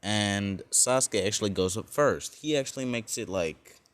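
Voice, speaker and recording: A man's voice: lowish voice, normal speed, fairly bright tone, no room sound. A young man casually telling a fan-made alternate story, rambling along with lots of fillers and frequent self-corrections.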